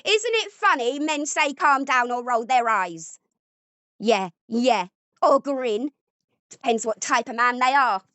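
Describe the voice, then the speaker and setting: A woman's voice: fairly high pitch, animated, takes it slowly, fairly bright tone, smooth, no room sound, lo-fi sound. A woman arguing angrily at home, accusatory and sarcastic. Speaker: vlogger. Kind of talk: heated domestic argument.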